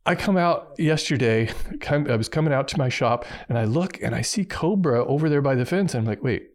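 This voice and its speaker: Middle aged guy telling a funny story, gets lively and goes high when he quotes himself. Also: brisk. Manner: animated, jumps high to act out quotes. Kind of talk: casual storytelling.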